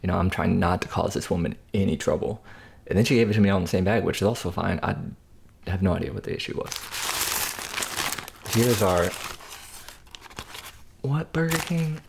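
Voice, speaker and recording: A man's voice: sits low, a little fast, creaky, pauses often, a little hiss or hum. A man casually telling a story in slang between bites of food, as a food vlogger. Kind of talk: casual mukbang chat.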